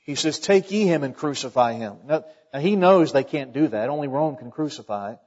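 A man preaching a sermon as pastor, building to dramatic rises and dropping to a hush when he quotes the scripture. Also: lively intonation, a little fast, long reverb tail, highs cut off. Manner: preaching with dramatic rises and hushed, low-voiced quotations.

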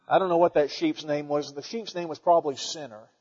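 A man preaching a sermon, telling stories and swinging between loud emphatic peaks and quiet asides. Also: a little high, steady tone, brisk, long reverb tail, muffled recording.

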